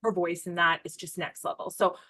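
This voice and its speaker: This thirties-something woman from the US hosts a podcast with a gushing, meandering style, frequently stopping partway through her sentences. She speaks fairly quickly in a lowish voice that is bright and forceful, with fairly even intonation.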